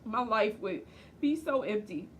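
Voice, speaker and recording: A woman's voice: medium pitch, animated, unhurried, a bit bright, a little hiss or hum. A woman in her forties recording a personal video diary, emotional and close to tears as she speaks tenderly to her daughter. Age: 40s. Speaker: vlogger and mother.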